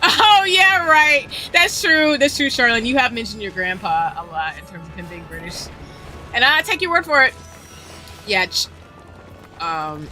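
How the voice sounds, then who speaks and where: A woman's voice: mid-range voice, sharp tone. A woman streaming a game, chatting casually and answering her chat in slangy, chatty talk. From United States.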